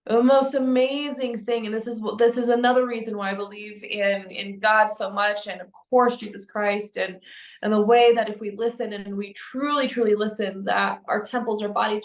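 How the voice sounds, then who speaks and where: Young woman, earnest spiritual vlogger, halting delivery, mid pitch, roomy echo. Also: level tone. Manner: earnest, halting with many restarts and fillers. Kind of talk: personal testimony to camera. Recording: echoey room.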